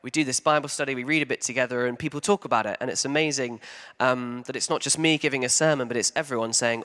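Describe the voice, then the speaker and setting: A man as a pastor giving a sermon in a church hall, talking conversationally with frequent ums and animated emphasis. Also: mid-range voice, fast, hardly any pauses.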